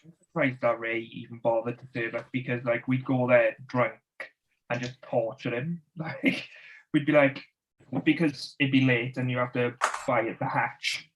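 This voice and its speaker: A man's voice: mid-range voice, little pitch movement, normal speed, highs cut off, slight background noise. A man, co-hosting a stream and telling laughing stories about teenage mischief at a shop hatch. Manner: laughing anecdote telling with acted quotes. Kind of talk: casual chat.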